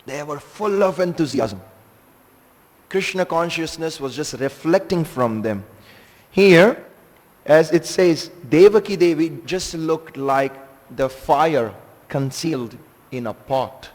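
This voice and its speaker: A man gives a scripture class in an animated, emphatic storytelling manner, pausing now and then for a filler. His voice sits a little high for a man. It rings out with the long reverb of a large temple hall. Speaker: guest speaker giving a scripture class.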